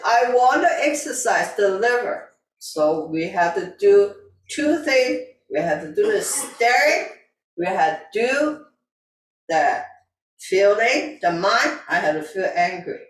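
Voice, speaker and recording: A woman leads a tai chi session at an unhurried, slow pace, calmly repeating cues to breathe in and out. Her voice comes from some distance away in an echoey room. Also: medium pitch. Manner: calm, repetitive breathing cues, simple non-native grammar. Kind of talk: guiding an exercise class.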